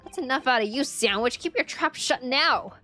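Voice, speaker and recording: A woman's voice: sits high, lively intonation, moderate pace, sharp tone, faint music behind. A woman voicing a brusque, threatening male police inspector in a detective game. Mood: gruff. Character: gruff bossy police inspector man.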